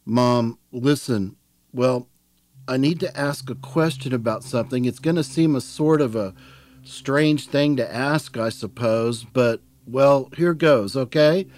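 A man's voice: mid-range voice, measured pace, darkish tone, lightly acted. A man voicing a troubled adult son who speaks hesitantly, searching for his words.

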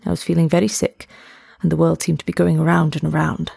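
Woman reading a spooky story aloud, gravelly low voice, dry close sound. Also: little pitch movement, fast, a little mellow, no echo. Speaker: story narrator. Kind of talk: scripted story narration.

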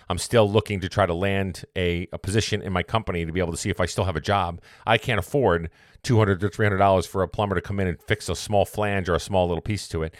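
Man, podcast host, low voice, dry close sound, rambling casual story, motivational. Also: no echo. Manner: rambling, self-correcting, motivational.

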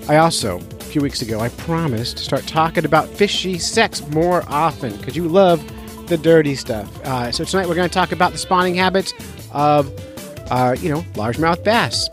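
A man hosting a fishing podcast, talking in a goofy, self-mocking, chatty way. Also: mid-range voice. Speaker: podcast host. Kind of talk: casual podcast intro.

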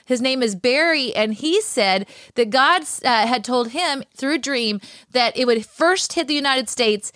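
A woman co-hosting a casual talk show, enthusiastic and quick to agree with her partner. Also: high-pitched, expressive, fairly bright tone, no echo, clean studio sound. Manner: enthusiastic, affirming. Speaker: co-host.

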